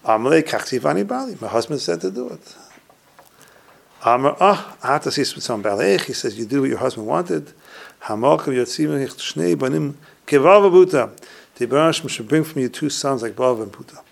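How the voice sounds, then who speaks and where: Male Torah teacher, gravelly mid-range voice, retells Talmud stories and often trails off quietly. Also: mid-range voice, expressive, brisk. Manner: retells Talmud stories, reciting Hebrew and Aramaic phrases and then translating. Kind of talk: recorded Torah class on humility.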